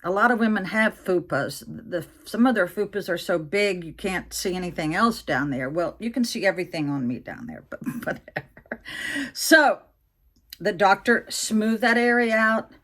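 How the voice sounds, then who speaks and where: A woman's voice: medium pitch, sing-song, normal speed, fairly bright tone. A woman in her sixties, a vlogger chatting candidly to her viewers, telling a personal story with plenty of fillers and asides. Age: 60s. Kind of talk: casual storytelling to camera.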